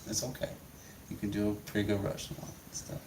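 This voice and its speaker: A man's voice: lowish voice, monotone, quick pace, darkish tone, distant mic, slight background noise, low-quality recording. A man hosting a casual stream, chatting and laughing while watching a video, often searching for words. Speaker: stream host.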